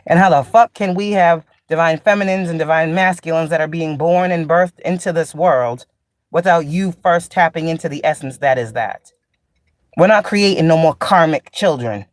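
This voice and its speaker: A woman's voice: low voice, moderate pace, no room sound, clean studio sound. A woman spiritual teacher in a casual, blunt, profane monologue, laughing often and drawing out sarcastic asides.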